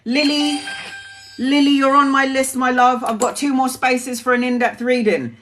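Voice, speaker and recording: A woman's voice: high-pitched, normal speed, fairly bright tone. A woman giving live tarot readings to viewers, chatty and emotional, calling people by name and laughing easily. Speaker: tarot reader.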